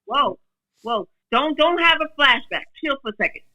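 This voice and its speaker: A woman's voice: high voice, expressive, moderate pace, pushed and bright, rough recording. A woman on a casual podcast debate, who keeps interjecting to get her say. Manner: interjecting, pushes to get a word in.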